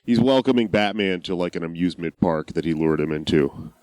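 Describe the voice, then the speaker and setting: A man's voice: sits low, a little fast, darkish tone, dry recording. A man co-hosting a podcast in casual comedic chat, joking and swearing, laughing often. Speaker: podcast co-host.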